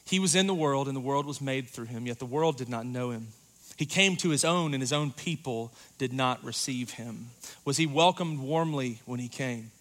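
A man preaching a sermon in a church, talking casually and joking, going loud and then quiet for emphasis. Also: medium pitch, normal speed, few pauses. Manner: conversational, joking, rises and drops in volume for emphasis.

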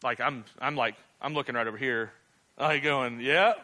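Joking pastor with a bright, ringing voice. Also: male voice, mid-range voice, moderate pace. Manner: joking, conversational, rhetorical tag questions. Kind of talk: casual humorous sermon.

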